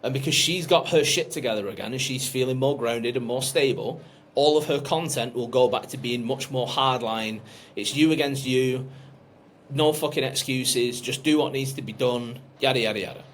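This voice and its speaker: Blunt coach, casual and emphatic, mid-pitched voice with light background noise. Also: male voice, normal speed, fairly bright tone. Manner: blunt, frequent swearing, emphatic. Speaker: business coach.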